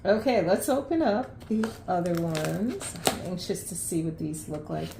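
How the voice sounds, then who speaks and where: A woman unboxing plants in a casual vlog at home, gushing with excitement and laughing often. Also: fairly low pitch, normal speed, creaky, echoey room, background noise. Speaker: plant vlogger. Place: home, unpacking at the sink.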